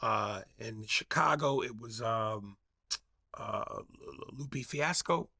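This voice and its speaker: A man's voice: mid-range voice, takes it slowly, creaky, sharp tone, slightly rough, no room sound, studio quality. A man in casual debate, talking emphatically and profanely and mimicking the way others speak.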